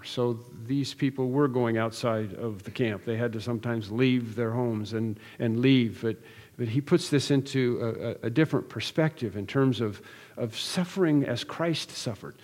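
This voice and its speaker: A man's voice: medium pitch, normal speed, a little mellow, big-room sound. A man preaching an expository sermon, earnest and emphatic, building through repeated phrases with frequent restarts. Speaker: pastor.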